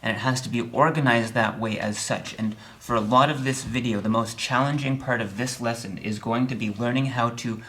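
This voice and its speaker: Guy teaching music theory by a piano, mid pitch, keeps saying okay, dry jokes, bit of hiss. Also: fairly even intonation, a little fast, hardly any pauses, fairly bright tone. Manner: explanatory, says "okay?" often, dry humor. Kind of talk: online lesson. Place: room with a piano.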